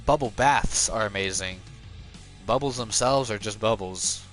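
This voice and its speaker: This live racing-game stream features a man at a measured pace, casually chatting with viewers and cracking jokes about himself. He's chatty and self-mocking, and his voice jumps to high yelps of excitement as he races. Soft music sits in the background.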